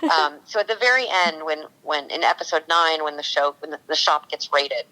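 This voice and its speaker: A woman's voice: sits low, brisk, sharp tone, poor audio. A woman working as a cannabis consultant for a TV show, talking enthusiastically in a casual podcast interview. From California. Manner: enthusiastic, storytelling.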